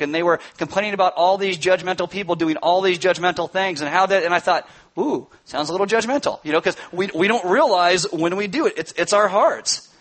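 A pastor preaching a sermon in a conversational way, with joking asides and scripture readings. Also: male voice, high-pitched, a bit bright, low-quality recording.

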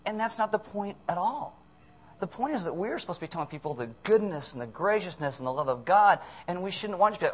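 A man delivers a sermon with a husky edge to his voice. His pitch swings widely as he acts out little voices and jokes, now and then bursting into a sudden shout. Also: brisk. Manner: animated, acts out voices of people and God. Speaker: preacher.

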